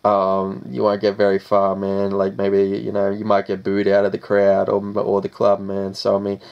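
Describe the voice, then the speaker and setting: A man's voice: fairly low pitch, completely flat delivery, normal speed, gravelly, lo-fi sound. A young Australian man, a rapper, answering interview questions in a casual, laid-back way and saying "man" after most phrases.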